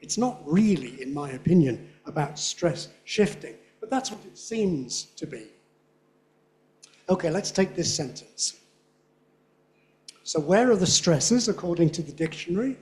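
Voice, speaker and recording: A man giving a lively conference lecture, often checking in with his audience. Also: high-pitched, a little slow. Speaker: linguistics lecturer.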